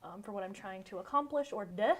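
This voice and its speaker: A woman's voice: medium pitch, expressive, a little fast, a bit bright. A woman playing a tabletop wargame on a live stream, chatting casually, laughing often and talking through her moves. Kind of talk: casual live battle report chat.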